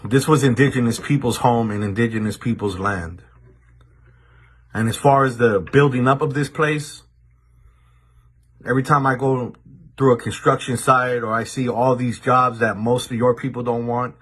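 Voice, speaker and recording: Husky-voiced man issuing a stern warning. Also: mid-range voice, fairly bright tone. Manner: deliberate warning tone, repeats words as he restarts. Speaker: commentator addressing viewers. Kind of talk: direct-to-camera monologue.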